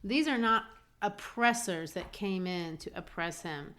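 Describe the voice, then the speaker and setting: A woman's voice: medium pitch, unhurried, fairly bright tone. A woman co-hosting a literature podcast, animatedly discussing a play and acting out quotes from it. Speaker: podcast co-host.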